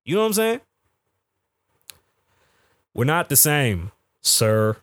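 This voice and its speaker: A podcast host from the Bronx with a somewhat high voice, ranting in a heated, profane way. The sound is close and dry, with little room around it. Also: male voice, big pitch swings, takes it slowly, fairly bright tone, no room sound. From the Bronx, New York. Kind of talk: casual podcast rant.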